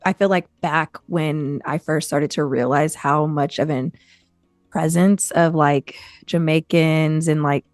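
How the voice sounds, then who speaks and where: A woman co-hosting a podcast in relaxed casual chat, chiming in with quick, agreeable asides. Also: low-pitched, no echo, clean studio sound, soft background music. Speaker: podcast co-host.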